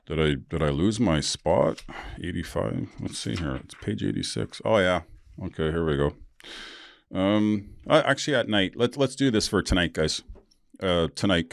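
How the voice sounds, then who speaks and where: A middle-aged man with a notably deep voice talks in an easygoing, rambling way, full of "uh" and quick chuckles. He hosts his own podcast and sounds close and dry, with no room around him. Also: gravelly, no echo. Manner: laid-back, laughs often, many fillers. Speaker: podcast host. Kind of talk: casual storytelling and recovery reading.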